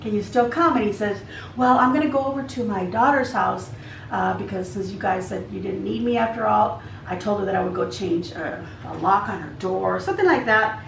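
A woman vlogger casually tells a storytime anecdote, animatedly retelling the back-and-forth and acting out other people's lines. Her medium-pitched voice is brisk and creaky, recorded in an echoey room a bit far from the mic, with a faint background hum.

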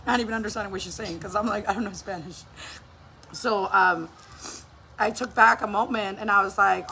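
This mom in her thirties vlogs casually, telling a story with curses and lively impressions of what people said. Her mid-range voice is gravelly, and there's slight background noise.

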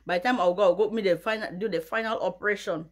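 A young Nigerian woman vlogger giving mocking gossip commentary, often breaking into loud high laughter. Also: quick pace. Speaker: YouTuber.

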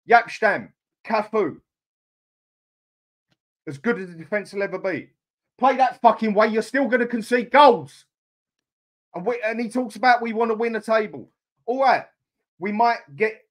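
A man's voice: high voice, a bit bright. An angry middle-aged man ranting sweary football opinions on his fan channel live stream, blunt and fuming.

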